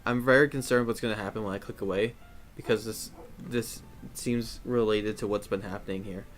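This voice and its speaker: A man's voice: lowish voice, steady tone, brisk, faint music behind. A man hosting a let's play, commenting on the game in a rambling, uneasy way. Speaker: gameplay host.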